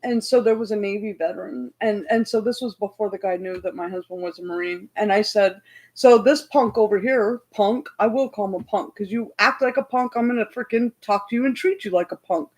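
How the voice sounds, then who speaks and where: A woman hosting a livestream, loudly and heatedly retelling an argument in casual talk. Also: mid-range voice, a little fast, rough recording. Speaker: livestream host.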